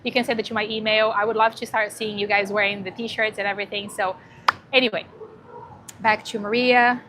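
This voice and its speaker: A woman hosting a casual livestream who talks warmly to her viewers and gets teary, cooing now and then to a dog beside her. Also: medium pitch, little pitch movement, a little fast, a little hiss or hum. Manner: chatty and emotional, thanking viewers, cooing to a dog. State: teary, crying. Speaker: livestream host promoting dog rescue.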